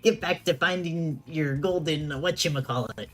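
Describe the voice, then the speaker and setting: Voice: mid-range voice, moderate pace, faint music behind, lightly acted. A streamer voicing a swaggering male pirate kidnapper captain in a put-on pirate accent, with growling old-timey speech. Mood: menacing. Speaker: streamer reading game dialogue.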